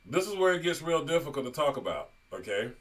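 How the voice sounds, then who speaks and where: A man's voice: a little high, big pitch swings, fast talker. A male host giving online commentary, talking casually and reading viewer comments aloud.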